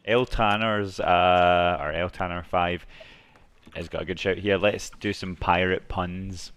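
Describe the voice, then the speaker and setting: Deep-voiced man hosting a game stream. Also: fairly even intonation, measured pace, a bit bright, smooth. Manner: chatty, reads out viewer messages. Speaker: stream host. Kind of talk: casual game stream chat.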